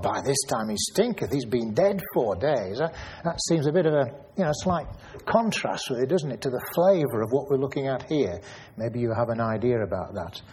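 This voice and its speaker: A man's voice: mid-range voice, a little mellow, breathy edge. A man preaching a Bible study sermon, thinking aloud and asking questions, often repeating his words.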